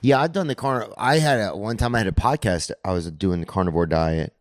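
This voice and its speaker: A man with a very deep voice speaks in a relaxed, plainspoken way during casual podcast chat. The sound is dry and close. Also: a little fast, no echo.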